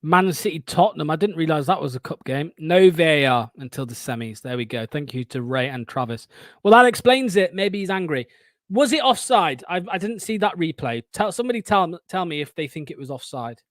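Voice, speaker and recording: A man, hosting a fan watchalong stream and giving excitable, sweary live match commentary. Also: fairly high pitch, a little fast, dry recording.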